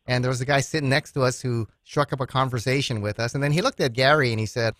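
A man hosting a radio interview with an earnest, steady delivery. His voice sits at a middle pitch. The studio sound is close and dry, with no room around it. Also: fast, no echo. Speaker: radio show host.

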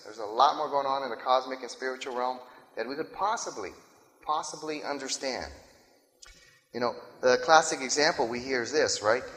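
A man's voice: medium pitch, fairly bright tone. A man preaching a sermon in a conversational way, often checking in with his listeners with "right?". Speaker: pastor. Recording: echoey hall with long reverb.

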